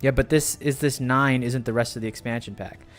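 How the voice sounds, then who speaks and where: A man's voice: medium pitch, steady tone, brisk, soft background music. A man streaming a game live, chatting with his viewers in a sarcastic, playfully defensive way. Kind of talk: casual gaming livestream commentary.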